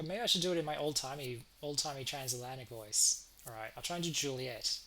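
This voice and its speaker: A man's voice: mid-range voice, brisk, hardly any pauses, bright, forceful tone, slight background noise, low-quality recording. A man casually commenting on a game he plays, rambling and hesitant, with playful asides. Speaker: game developer, let's play host. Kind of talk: casual let's play commentary.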